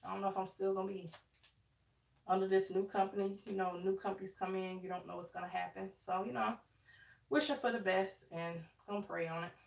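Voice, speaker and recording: A woman's voice: medium pitch, fairly even intonation, fairly quick, gravelly. A woman in her thirties chatting casually with viewers on a live stream while doing her hair, talking to them as y'all. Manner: chatty, addresses viewers as y'all, dialect grammar. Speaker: livestream host. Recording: echoey room, mic at a distance.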